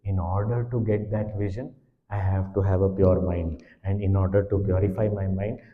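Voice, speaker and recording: A man speaking as a swami gives a spiritual discourse, explaining scripture with Sanskrit and Hindi terms and animated emphasis. His voice sits low at a moderate pace, and the recording has a dull, echoey hall sound.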